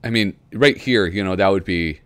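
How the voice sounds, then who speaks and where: A man's voice: low-pitched, normal speed, a bit bright, clean tone, no echo. A man hosting a casual magazine flip-through, reading letters aloud and rambling with frequent chuckles. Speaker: host flipping through a magazine.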